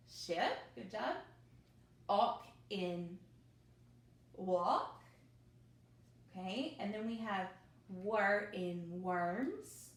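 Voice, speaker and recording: A woman teacher, leading young children through a phonics review with slow, drawn-out drills and cheerful asides, recorded at home. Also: a little high, fairly bright tone. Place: home, at her mother's desk. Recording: echoey room.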